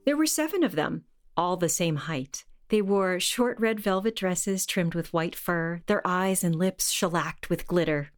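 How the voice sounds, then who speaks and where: A woman reading a short story aloud in a measured, deadpan narrating voice. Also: on the low side.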